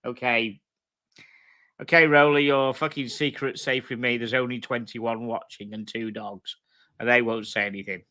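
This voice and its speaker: A man's voice: medium pitch, steady tone, moderate pace, bright, forceful tone. A man hosting a casual live stream, reading comments aloud and trading sweary banter with viewers. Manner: sweary, blokey banter, laughs often. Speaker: livestream host. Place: at home with dogs.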